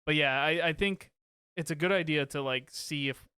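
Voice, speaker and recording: A man in his thirties co-hosts a podcast, talking loosely about his kids with plenty of "um"s and restarts. His voice is smooth and clear and sits a bit high for a man. It is recorded dry on a close mic. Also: moderate pace, bright, forceful tone, no echo. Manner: rambling, many fillers and restarts. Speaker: podcast co-host, father. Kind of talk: casual chat.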